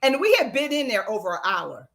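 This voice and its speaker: Bright, lively woman telling a story. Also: fairly high pitch, brisk, creaky. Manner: animated storyteller, acts out quotes. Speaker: radio show co-host. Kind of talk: casual chat. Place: radio studio.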